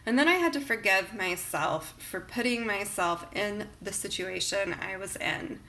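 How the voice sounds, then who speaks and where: A woman talking earnestly and reflectively in a personal vlog, with many pauses and fillers. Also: medium pitch, expressive, pushed and bright. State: emotional near the end. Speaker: vlogger.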